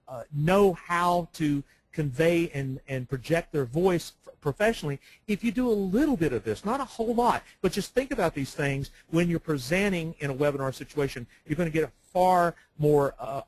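A man co-presenting a webinar, a former broadcaster who explains microphone technique and often pauses on "uh.". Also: on the high side, darkish tone, no echo, poor audio. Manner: speaks with many "uh" fillers and restarts. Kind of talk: instructional webinar talk. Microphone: professional microphone, close.

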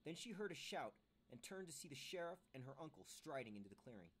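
A man's voice: on the high side, sing-song, quick pace, a bit bright. A man narrating a children's bedtime storybook chapter aloud. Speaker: storybook reader.

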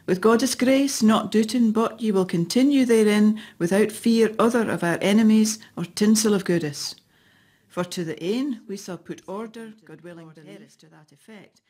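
A woman voicing a breathy Scots-speaking queen. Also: medium pitch, normal speed, darkish tone, close to an everyday voice. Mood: stately, formal. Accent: Scots with a French lilt. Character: regal queen dictating a formal letter. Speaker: voice actor. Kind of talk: dramatic reading of a historic letter.

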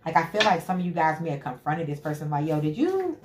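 A woman's voice: low-pitched, fairly even intonation, fast talker. Emphatic tarot-reading woman in an echoey room. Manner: emphatic, repetitive, frequent "you know what I'm saying". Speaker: tarot reader. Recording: echoey room with loud background noise.

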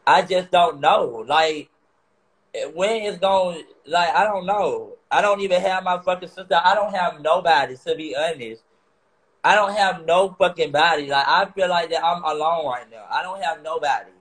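A man's voice: on the high side, normal speed, fairly bright tone, low-quality recording. A man ranting to his viewers, upset and swearing, repeating himself. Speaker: vlogger on a live stream. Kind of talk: emotional rant to viewers.

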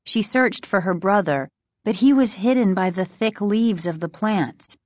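A woman narrating a children's horror novel in a slow, suspenseful reading. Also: mid-range voice, a little mellow, no echo. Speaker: audiobook narrator. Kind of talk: storybook narration.

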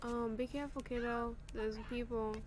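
High-voiced, excitable woman gamer. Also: moderate pace. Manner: excitable, swears often, yelps and laughs. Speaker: gaming streamer. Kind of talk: let's play commentary.

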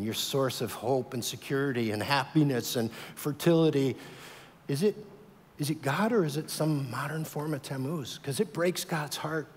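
Pastor guy preaching, kinda high voice, big echoey church hall, goes loud then real quiet. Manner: dramatic, acts out voices of God and worshippers, swings from loud to hushed. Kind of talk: sermon. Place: church sanctuary. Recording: long hall reverb.

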